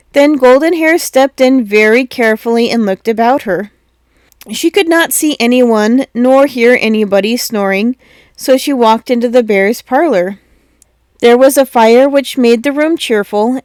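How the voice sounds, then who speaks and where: A woman reading a children's storybook aloud, gentle and measured. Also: a little high, no echo, clean studio sound.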